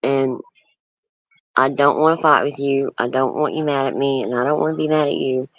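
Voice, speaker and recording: Halting livestream host with dull lo-fi sound. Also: medium pitch, no echo. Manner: halting, many ums and restarts; earnest, firm about setting boundaries. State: nervous. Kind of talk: casual livestream talk. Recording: dull lo-fi stream audio.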